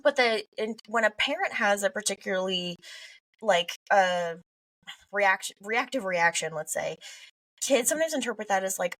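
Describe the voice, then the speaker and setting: A woman's voice: medium pitch, moderate pace, no room sound, far from the mic. A young woman, a family therapist, talking expressively in a podcast interview and acting out parents and teens. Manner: expressive, animated, acts out quoted parents and teens.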